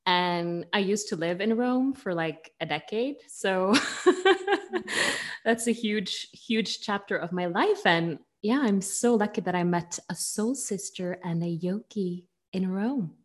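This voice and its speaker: A woman's voice: medium pitch, animated, slow pace. A woman with a Norwegian accent, hosting a casual podcast chat over a video call, bubbly and giggly. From Norway. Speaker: podcast host and yoga teacher. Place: home in Bergen, on a video call.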